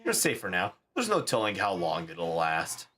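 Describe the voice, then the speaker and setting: Animated man reading game text. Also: deep voice, moderate pace, a little hiss or hum. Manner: animated, laughing asides. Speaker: streamer.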